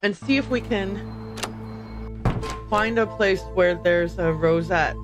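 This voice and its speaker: A woman's voice: on the low side, slow pace. A woman casually commenting while playing a video game on a livestream, chatty and playful, correcting herself as she goes. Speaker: streamer. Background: game music.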